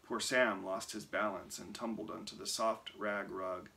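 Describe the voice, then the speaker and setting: A man reading a picture book aloud in an expressive, lively way. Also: fairly low pitch, measured pace, vocal fry. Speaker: reader.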